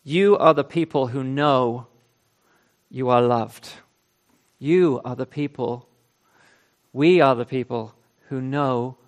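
A man's voice: mid-range voice, measured pace, gravelly. A man preaching a sermon, reading scripture with emphasis and then explaining it in an earnest, conversational way. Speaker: pastor.

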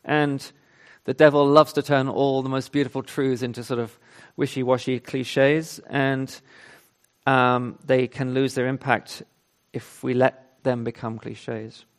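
Man, pastor, sermon, earnest, emphatic scripture reading, conversational preaching, medium pitch. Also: little pitch movement, measured pace.

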